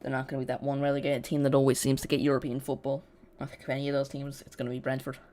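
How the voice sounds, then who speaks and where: Football watch-along host, chatty and loose, talks straight to the chat, mid-pitched voice. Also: monotone, very fast, warm tone. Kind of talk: casual live watch-along commentary.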